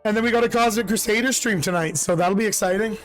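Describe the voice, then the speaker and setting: A slightly hoarse man hosting a channel, reading a game's story aloud at a steady pace. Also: high voice, fast talker, soft background music. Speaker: channel host reading a visual novel.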